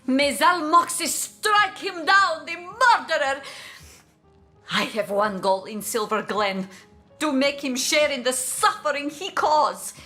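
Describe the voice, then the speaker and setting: A woman voicing a gruff, zealous character who speaks broken English with dropped articles, grumbling and bitter, in a video game. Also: a little high, steady tone, a little slow, fairly bright tone, faint music behind. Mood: vengeful.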